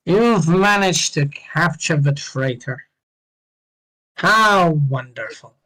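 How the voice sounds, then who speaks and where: A man voicing a smug, cruel king who drawls slowly and sounds pleased with himself. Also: a little high, sharp tone, heavily acted, rough recording. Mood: gloating. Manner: slow, drawling, self-satisfied.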